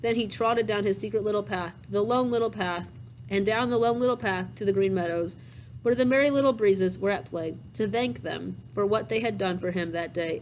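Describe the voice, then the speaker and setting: A woman reads an old children's storybook aloud in a mid-range voice, gentle and unhurried. She stops now and then to explain things to young listeners, with casual fillers. Faint hiss sits under the recording. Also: mid-range voice, rough recording. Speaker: storybook reader. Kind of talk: reading a children's book aloud.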